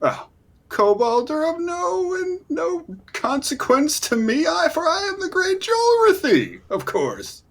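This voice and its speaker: A man's voice: extremely high pitch, huge pitch swings, measured pace, voice pushed up, full character voice. A man voicing a boastful, grandiose goblin adventurer in a pompous, theatrical manner.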